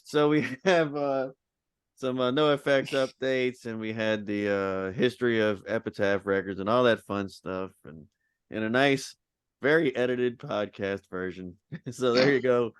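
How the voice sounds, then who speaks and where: A man's voice: medium pitch, unhurried, clean tone, dry recording, studio quality. A man hosting a podcast, easygoing, laughing between lines, with "uh" and "y'all" in his casual talk. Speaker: podcast host.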